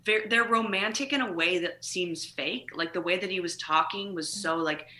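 A woman comedian chats and tells stories with lively profanity. Her voice sits low but sounds bright and forceful. The room around her rings with echo. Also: normal speed. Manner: profane, animated storytelling. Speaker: comedian, podcast guest. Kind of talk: casual chat, storytelling.

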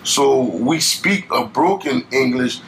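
A man's voice: medium pitch, lively intonation, takes it slowly, slight background noise, poor audio. A young man from Louisiana with a Louisiana accent, a guest chatting casually in a laid-back, rambling way full of fillers. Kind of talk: casual interview chat.

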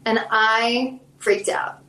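A woman from South Carolina with a light Southern accent, an actress telling stories in a casual interview, chatty and animated with many fillers. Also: a little high, drawn-out words, roomy sound, low-quality recording. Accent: Southern American.

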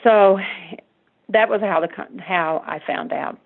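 Older mom telling her story in stops and starts, raspy gravelly voice, tinny phone sound. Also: medium pitch. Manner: halting, stuttering, many restarts. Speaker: mother of the convicted man, interviewee. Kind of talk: emotional personal recollection.

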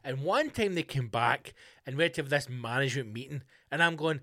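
A man's voice: mid-range voice, expressive, fairly quick, pushed and bright. A Scottish man hosting a podcast, ranting casually with heavy swearing and mocking voices for people he quotes. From Scotland. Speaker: podcast host.

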